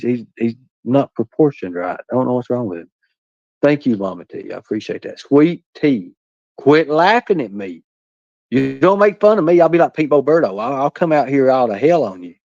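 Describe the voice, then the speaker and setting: A man's voice: medium pitch, gravelly, darkish tone, no room sound. A man hosting a casual livestream, reading the chat aloud and trading crude jokes with his viewers. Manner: rambling, crude joking banter with viewers. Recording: dull, dry, lo-fi sound.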